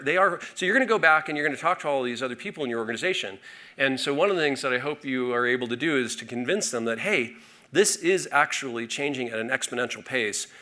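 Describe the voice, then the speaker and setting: A man giving a conference keynote from a stage, energetic and full of fillers and restarts. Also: mid-range voice. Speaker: keynote speaker.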